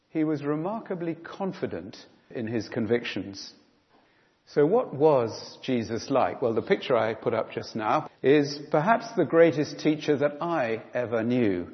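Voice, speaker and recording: A man preaching a sermon in church, emphatic and animated, with frequent fillers. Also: mid-range voice. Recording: dull sound in a reverberant hall.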